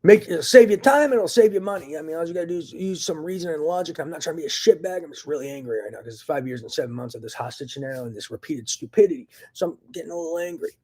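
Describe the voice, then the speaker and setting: A man ranting angrily into the camera in a profane, agitated monologue, swinging between loud outbursts and low muttering. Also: very fast, few pauses, slightly rough. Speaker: vlogger.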